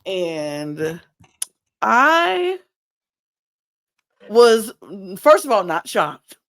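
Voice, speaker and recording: A woman co-host of a casual reality-TV recap podcast, with a voice at an ordinary middle pitch. She talks in an animated way and keeps throwing out disbelieving rhetorical questions. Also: extremely slow.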